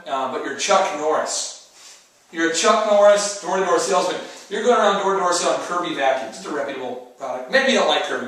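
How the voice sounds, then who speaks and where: A man's voice: high voice, a bit bright. Emphatic man in an echoey room. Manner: emphatic, acts out mock dialogue voices. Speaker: entrepreneur co-host giving advice. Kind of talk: motivational talk show. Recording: echoey room, distant mic.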